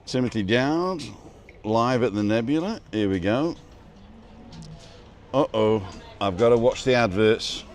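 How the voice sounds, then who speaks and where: A man's voice: medium pitch, animated, a little slow, pauses often, a little hiss or hum. A middle-aged man hosting a casual live stream from a restaurant terrace on a wireless mic, chatting and reading out viewer comments with jokes. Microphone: wireless microphone.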